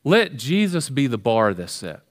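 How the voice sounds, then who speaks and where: A middle-aged man preaching a sermon in a church, talking in an energetic, conversational way with frequent restarts. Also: mid-range voice, a little slow. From American South. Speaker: pastor. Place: church sanctuary.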